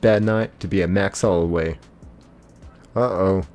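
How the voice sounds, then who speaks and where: A man's voice: low-pitched, steady tone, moderate pace, soft background music. A young man hosting a live game stream, chatting casually and reading out viewer comments. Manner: laid-back, chatty, greets viewers warmly by name. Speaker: livestream host.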